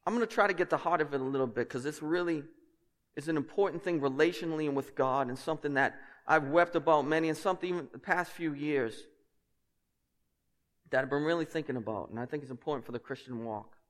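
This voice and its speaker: A male pastor delivers a sermon with passion, pushing his emphasis higher and louder, then dropping into easy asides with the congregation. His voice sits a little high for a man. The sound rings with the long reverb of a church hall. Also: fast talker. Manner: passionate, emphatic preaching that climbs in pitch and volume.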